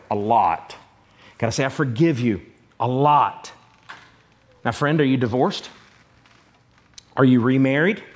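An emphatic male pastor delivering a sermon at a middle pitch. He drives his points home through repetition and addresses his listeners directly.

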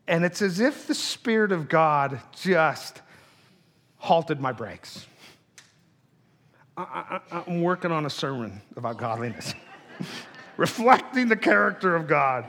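Slow-paced preaching man, storytelling. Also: lively intonation. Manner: storytelling, acting out both sides of a quarrel; drops to a low, hushed voice for the heart of the message. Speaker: pastor. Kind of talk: sermon.

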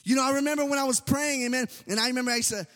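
A man preaching a sermon with passion, swinging from shouts to hushed softness and peppering his talk with amens. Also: very high voice, steady tone, rapid-fire. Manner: impassioned, swings between shouting and soft hushed delivery; repeats amen often, stammering restarts. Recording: long hall reverb.

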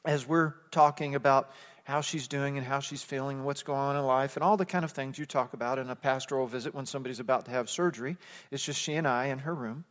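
A man's voice: medium pitch, quick pace, fairly bright tone. A man preaching a sermon as pastor, telling a story in a conversational way that builds to impassioned emphasis. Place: church sanctuary. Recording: long reverb of a church sanctuary.

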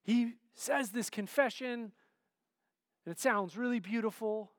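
A man preaching a sermon in a relaxed, conversational way, often checking in with "right?" and filler "like". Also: extremely high pitch, unhurried, no echo, big-room sound.

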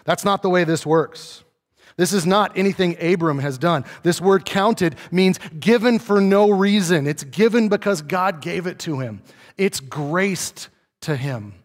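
A man's voice: fairly high pitch, normal speed. Man preaching in a reverberant hall. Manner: conversational preaching, acts out quoted dialogue. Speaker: pastor. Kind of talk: sermon.

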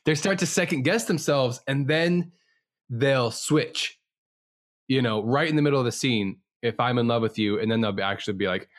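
A man's voice: mid-range voice, moderate pace. A man, an improviser co-hosting a podcast, talking earnestly and reflectively about improv. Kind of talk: casual chat reviewing an improv show.

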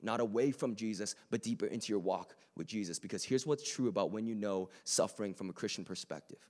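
A man's voice: on the low side, fast talker, darkish tone. A man preaching a sermon to a live room, earnest and conversational, with joking asides to the audience.

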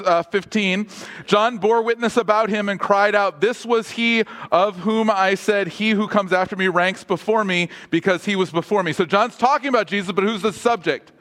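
A pastor with a fairly high male voice delivers a sermon to his congregation, repeatedly posing questions to them. He shifts between lively, joking asides and slower, gentler stretches.

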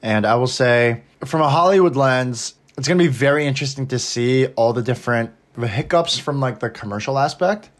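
A man's voice: mid-range voice, a little fast, few pauses. A man co-hosting a casual podcast, chatty and analytical, laughing often. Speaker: podcast co-host.

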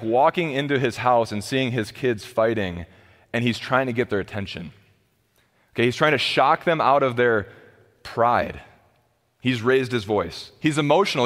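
Impassioned pastor preaching in a reverberant hall. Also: male voice. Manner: impassioned, swings between loud pleading and low quiet emphasis. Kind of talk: sermon.

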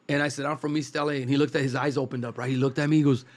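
A man from East Los Angeles, a food truck cook, telling rambling anecdotes in a relaxed, casual chat. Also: mid-range voice, rapid-fire, few pauses. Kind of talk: casual storytelling.

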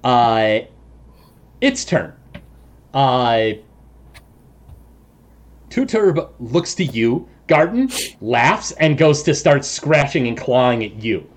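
A man's voice: mid-range voice, big pitch swings, takes it slowly, pauses often. A man running a tabletop game as game master, describing the scene with frequent chuckles and filler words. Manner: chuckles often, many ums and restarts.

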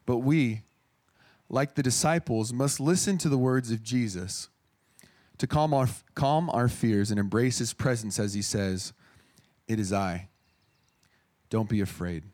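Guy in his 30s giving a sermon, earnest and chatty, mid-pitched voice. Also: unhurried, a little mellow. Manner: earnest, conversational, with restarts. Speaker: preacher.

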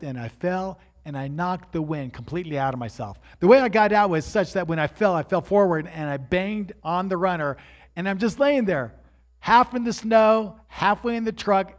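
High-voiced animated male preacher. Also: normal speed. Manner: animated storyteller, rising to shouts at high points.

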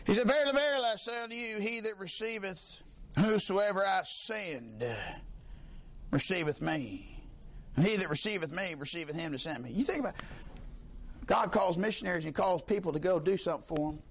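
A man preaching a sermon, fiery, swinging from low talk to high shouts. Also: lively intonation, brisk.

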